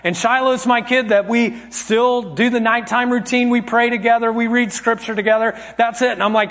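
A man preaching a sermon as pastor, telling a family story with animated swings from loud acted quotes to hushed, soft tones. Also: extremely high pitch, normal speed, hardly any pauses, big-room sound. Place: church hall.

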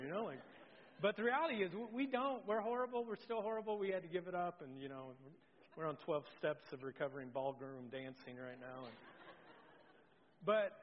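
A middle-aged male pastor preaching a sermon, telling a story in a lively, self-deprecating way. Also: sits high. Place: church sanctuary. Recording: dull sound with long hall reverb.

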